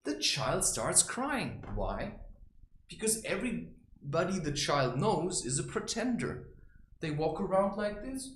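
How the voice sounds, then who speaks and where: A man's voice: sits high, big pitch swings, slow, a little hiss or hum. A man giving a rambling spiritual monologue, blunt and profane, often tossing in "right?" and "you know". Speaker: creator sharing spiritual advice. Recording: roomy echo with faint ambience.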